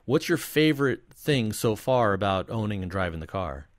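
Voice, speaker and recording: A man's voice: fairly low pitch, big pitch swings, normal speed, no echo, studio quality. A man hosting a podcast, chatting casually and asking his guest questions. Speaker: podcast host. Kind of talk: casual interview chat.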